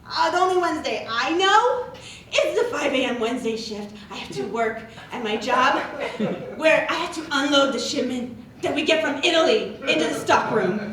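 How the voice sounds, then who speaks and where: A woman's voice: high-pitched, far from the mic. A woman performing a live stand-up character, a rambling, self-absorbed retail worker who keeps adding "okay?". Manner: rambling, repetitive, tacks on "okay?". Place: stage before a live audience. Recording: roomy live stage sound from afar with audience.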